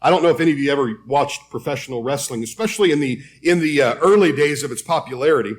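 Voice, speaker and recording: A man's voice: on the high side, quick pace. A man preaching a sermon, telling a Bible story in a conversational way and reading scripture aloud.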